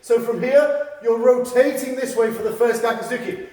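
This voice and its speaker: A man's voice: extremely high pitch, steady tone, brisk, darkish tone, echoey room. A man, a karate instructor, teaching an online seminar over a video call, encouraging and checking understanding with frequent "yeah?".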